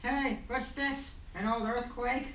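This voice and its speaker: A woman's voice: on the high side, steady tone, takes it slowly, fairly bright tone, slight background noise. A woman playing a wisecracking clever boy in a stage skit. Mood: cheeky. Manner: wisecracking and plain. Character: clever, cheeky young boy. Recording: echoey room from far off.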